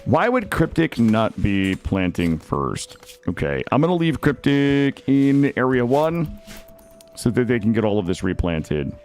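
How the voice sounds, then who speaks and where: Lively excitable male game streamer. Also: medium pitch, measured pace. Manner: excitable, chatty, prone to screaming. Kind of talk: casual gameplay commentary.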